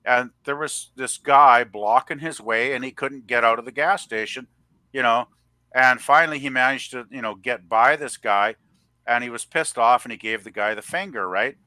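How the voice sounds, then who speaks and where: Bright-voiced rambling storyteller, a man. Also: mid-range voice, normal speed, no echo. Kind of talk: casual storytelling chat.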